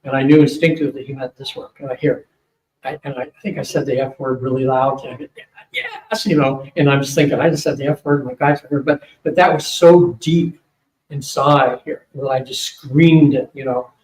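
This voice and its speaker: An older man speaking at a psychic fair, telling a long rambling story to an audience, with many fillers and quick asides. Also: mid-range voice, fairly even intonation, a little mellow. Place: hotel event room. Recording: roomy, distant mic with faint hum.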